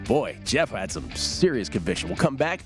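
A man's voice: mid-range voice, sing-song, normal speed, gravelly, music in the background. A man hosting a sports betting show, upbeat and steering the segment. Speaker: host.

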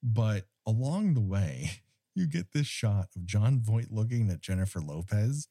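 A man hosting a casual film recap podcast, wry and profane, telling the story with lively asides. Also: fairly low pitch, unhurried, dry recording, clean studio sound. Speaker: former studio tour guide. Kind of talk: casual chat.

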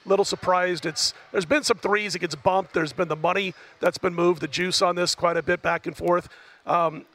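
A man appearing as a guest handicapper who talks through football stats and betting lines in a measured, stat-heavy way. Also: sits high, fairly even intonation, a bit bright. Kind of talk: analytical sports betting talk.

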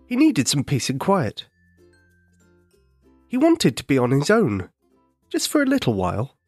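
Expressive man reading a children's story. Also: fairly high pitch, measured pace, husky, no echo, soft background music. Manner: gentle, expressive.

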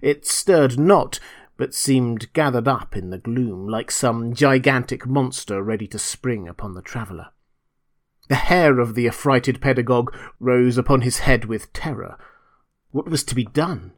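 A man's voice: mid-range voice, a little slow. Man dramatically reading a gothic tale. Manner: theatrical, dropping to hushed tones at tense moments. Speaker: storyteller.

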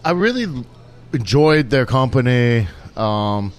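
A man's voice: mid-range voice, expressive, takes it slowly, clear, resonant tone. A man in his forties, a restaurant owner being interviewed, telling stories in an easygoing, rambling way and often restarting his sentences. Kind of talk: casual storytelling interview.

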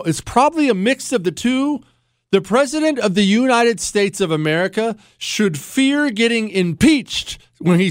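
Heated, lively middle-aged man ranting. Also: sits high, no room sound, studio quality. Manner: heated, indignant, rhetorical questions. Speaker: podcast host. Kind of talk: political commentary monologue.

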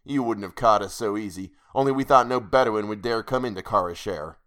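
A man's voice: fairly low pitch, a little fast, a bit bright, close to an everyday voice. A man reading the lines of a blunt, snarling American adventurer in an audiobook story. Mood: angry.

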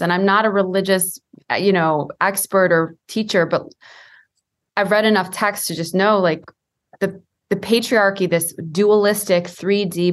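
A woman guest in a casual chat, earnestly explaining spiritual ideas. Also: mid-range voice.

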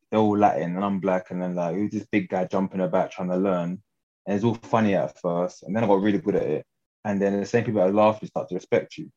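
Laid-back English man, low voice. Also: a little mellow, lo-fi sound. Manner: laid-back, laughing, slangy. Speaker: guest fighter. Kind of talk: casual interview chat.

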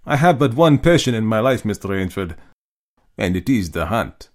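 A man voicing a suave, menacing aristocratic hunter in a storybook reading, speaking slowly and courteously. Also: on the low side, very animated. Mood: measured menace. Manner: slow, measured, courteous.

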